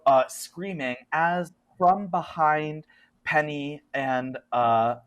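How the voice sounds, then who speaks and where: A man's voice: on the high side, takes it slowly, clean tone, highs cut off. A man running a tabletop horror game as game master, narrating the scene in a chatty way with lots of fillers.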